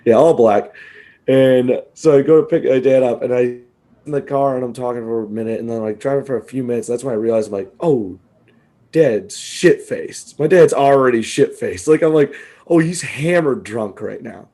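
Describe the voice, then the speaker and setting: A man co-hosting a podcast, telling a story in casual chat, animated and swearing, laughing often as he quotes people. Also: medium pitch, a little fast. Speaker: podcast co-host.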